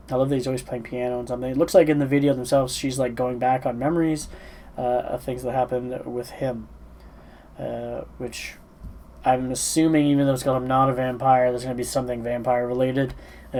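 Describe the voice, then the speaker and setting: A man's voice: mid-range voice, a little mellow, a little hiss or hum, poor audio. A sleepy man giving casual reaction commentary on a song, talking in a rambling, hesitant way with lots of fillers and restarts. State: sleepy, yawning. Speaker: music reaction channel host.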